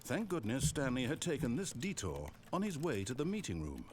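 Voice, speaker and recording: A man with a posh English accent voicing a dry, mocking male narrator in a game, speaking in a measured, sardonic way. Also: medium pitch, sing-song, a little hiss or hum, close to an everyday voice. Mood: wry. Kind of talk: scripted narration.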